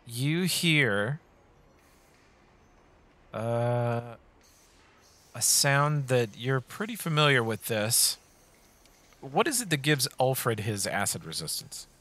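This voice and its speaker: A man's voice: medium pitch, sing-song, takes it slowly, long pauses, pushed and bright. A man running a tabletop game as game master, giving vivid descriptive narration and calling for dice rolls.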